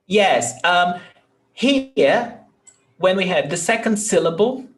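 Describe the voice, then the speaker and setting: A man's voice: high-pitched, animated, takes it slowly. A male Portuguese teacher giving an online lesson, patiently explaining grammar rules step by step and often checking that his student understands.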